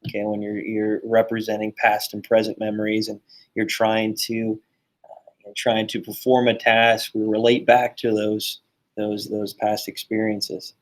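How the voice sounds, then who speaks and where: A man's voice: fairly low pitch, monotone, measured pace. A man teaching a psychology lesson in a casual, chatty way, full of fillers and joking asides. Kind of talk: casual classroom lecture.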